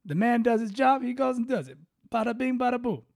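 A man's voice: extremely high pitch, animated, fairly quick, a little mellow. A man doing a blustering Italian-American pool boss. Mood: dismissive. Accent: mock Italian-American. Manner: pushy, blustering, repeats himself.

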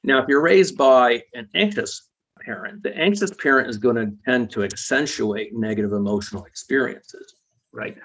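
A man's voice: mid-range voice, moderate pace, a bit bright, breathy edge. A man, a psychologist guest, explaining ideas patiently in an interview and often checking in with tag questions. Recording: dull lo-fi recording.

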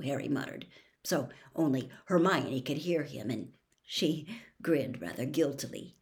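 A woman reads a novel aloud as a storyteller. Her voice is expressive and lively, rising and falling freely. At times she drops to a hushed whisper. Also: a bass voice. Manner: expressive, quick, dropping to a whisper.

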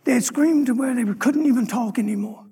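A man deacon preaching a sermon, reading scripture and retelling it with animated, dramatic storytelling. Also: very high-pitched, brisk, gravelly, breathy edge, in a large hall, soft background music. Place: church hall.

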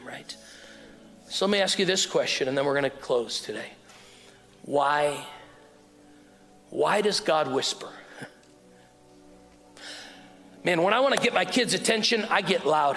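A middle-aged man preaching a sermon on a mic, calling out to the congregation and swinging from loud to hushed. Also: on the high side, moderate pace, pauses often. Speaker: pastor. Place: church hall. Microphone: wearing a mic. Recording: sermon in a hall with music.

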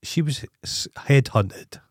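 A man's voice: takes it slowly, dry recording, studio quality. A Scottish man co-hosting a podcast, telling crude stories in a blunt, sweary way. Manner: blunt, sweary, jokey storyteller. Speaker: podcast co-host. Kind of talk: crude casual chat.

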